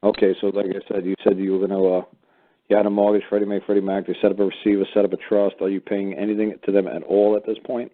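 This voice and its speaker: A man's voice: on the low side, flat delivery, fast. A man hosting a call-in radio show, blunt and profane, lecturing callers. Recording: phone-like narrow sound.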